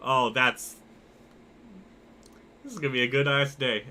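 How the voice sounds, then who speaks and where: A young man streaming a racing game, chatting casually and reacting excitedly while reading his chat. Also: mid-range voice, moderate pace, long pauses. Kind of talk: live gameplay commentary.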